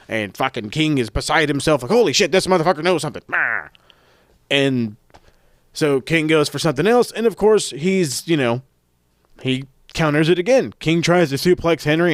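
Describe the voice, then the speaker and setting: A man's voice: on the high side, no room sound, clean studio sound. A man hosting a podcast, recapping matches in a casual, profane, rambling way that often corrects itself. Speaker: podcast host reviewing wrestling events. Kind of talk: casual chat.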